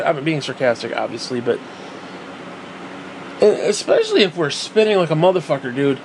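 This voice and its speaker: A man's voice: fairly high pitch, lively intonation, takes it slowly, long pauses, slight background noise. Profane, ranting man with a raised voice. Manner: profane, rambling, sarcastic. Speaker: vlogger. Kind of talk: ranting monologue.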